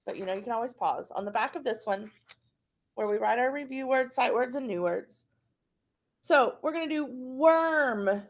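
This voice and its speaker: A woman's voice: a little high, moderate pace. A woman teacher leading a patient, encouraging phonics lesson for young children.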